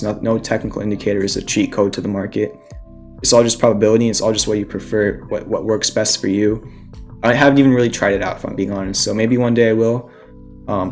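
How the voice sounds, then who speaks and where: A young man hosting a casual stock trading livestream, a little out of breath, talking through trade ideas and answering chat questions. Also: fairly low pitch.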